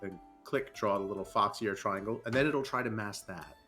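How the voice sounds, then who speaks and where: Bright, low-voiced man chatting quickly. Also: faint music behind. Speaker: game master for next week's game. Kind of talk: casual stream chat. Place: home setup on a video call.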